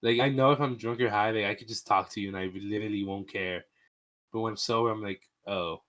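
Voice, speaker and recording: A man's voice: lowish voice, steady tone, quick pace, fairly bright tone. A young man hosting a casual podcast, bantering loosely with crude jokes and a lot of swearing. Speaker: podcast host. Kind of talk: casual chat.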